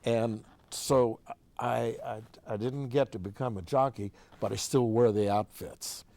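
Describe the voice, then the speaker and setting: A man's voice: medium pitch, steady tone, measured pace, darkish tone. An older man from Oregon, a musician as interview guest, telling long folksy anecdotes in a chatty way with frequent restarts. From Oregon, USA. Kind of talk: casual storytelling.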